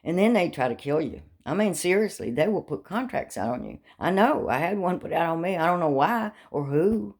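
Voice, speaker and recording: A woman's voice: deep voice, darkish tone. Rambling, darkly joking woman storyteller. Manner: talkative, darkly joking, laughs often. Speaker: vlogger telling life stories.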